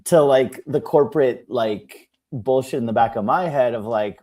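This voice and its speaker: A young man co-hosting a casual chat show, an animated storyteller who acts out the people in his stories. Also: mid-range voice, moderate pace. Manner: animated storyteller, mimics people with shouts and laughs. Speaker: podcast co-host.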